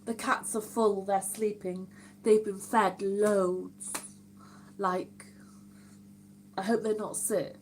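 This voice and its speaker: A woman's voice: mid-range voice, flat delivery, takes it slowly, long pauses, slight background noise. A woman hosting a casual live stream from home, reading viewer comments aloud and reacting with amused exclamations. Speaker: livestream host.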